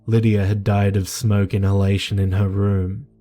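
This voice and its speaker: A man giving a measured, grave reading of a scripted horror story. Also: on the low side, level tone, mellow. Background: faint music.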